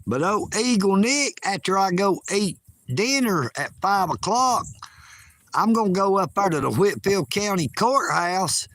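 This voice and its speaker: A Southern man with a high, bright voice and a gravelly edge, talking slowly and swooping widely in pitch. He live-streams from a lakeside park in a folksy, boastful manner and teases his chat. The sound is dry and close to the phone mic. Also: no echo. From Georgia, United States. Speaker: livestream host. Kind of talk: casual outdoor livestream chat.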